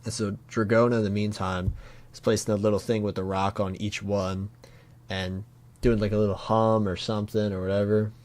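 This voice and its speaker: Man with a lowish voice, casual live reaction, thinking aloud, blurts out surprise. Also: flat delivery, normal speed, a little mellow. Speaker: manga reaction streamer. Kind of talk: live reaction, reading comic panels aloud.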